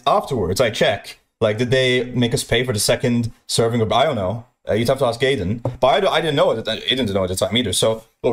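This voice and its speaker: A young man telling a profane, aggrieved story in a rambling rant, full of repeats and quoted lines. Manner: aggrieved, profane, repetitive, fast-swinging pitch. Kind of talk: ranting anecdote.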